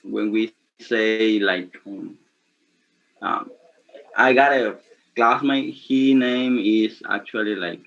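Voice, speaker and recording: A male student with a Spanish accent asks his professor a question, pausing and groping for his words. His voice sits a little low, and the audio sounds dull and lo-fi. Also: creaky, fairly bright tone. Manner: hesitant, searching for words.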